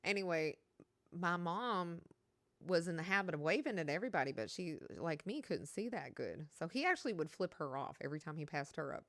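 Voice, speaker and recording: A woman's voice: on the low side, big pitch swings, brisk, a bit bright, dry recording, clean studio sound. A woman from Kentucky with a Kentucky accent, chatting casually on a stream and reading out chat, rambling and laughing as she talks.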